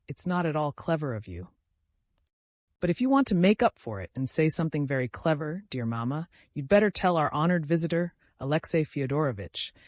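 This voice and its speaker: Lively, bossy invalid girl for an audiobook, read by a man, dry close sound. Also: dry recording, natural voice. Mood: mocking. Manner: commanding, quick and high-strung. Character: sickly, capricious teenage girl, imperious and excitable. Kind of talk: audiobook character reading.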